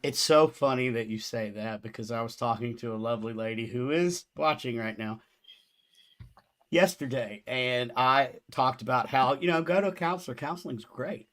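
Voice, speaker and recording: A man hosting a casual podcast chat, chatty and animated, laughing easily. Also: mid-range voice, normal speed.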